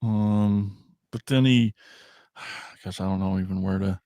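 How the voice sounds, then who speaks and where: A man hosting a podcast in casual chat, rambling and excitable, often trailing off and starting over. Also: lowish voice, takes it slowly, no room sound, studio quality. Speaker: podcast host.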